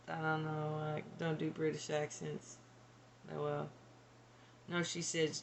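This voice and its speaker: A woman's voice: low voice, completely flat delivery, takes it slowly, vocal fry, long pauses, slight background noise. A woman working as a psychic medium, relaying channeled messages in a hesitant, tentative way. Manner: hesitant, tentative, laughs between.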